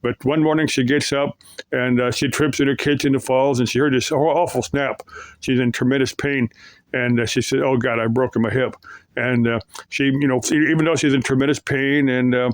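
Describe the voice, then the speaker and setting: A man's voice: medium pitch, steady tone, fairly quick, dry recording. A man casually retelling creepy stories, rambling with many fillers and restarts. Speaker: storyteller.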